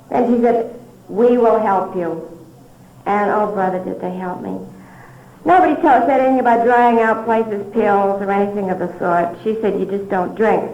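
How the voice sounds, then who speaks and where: A woman's voice: mid-range voice, a little mellow. Older woman telling her story, roomy old tape. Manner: chuckling, candid storytelling with asides. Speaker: AA speaker. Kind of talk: recovery meeting talk. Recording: dull roomy 1970s hall recording.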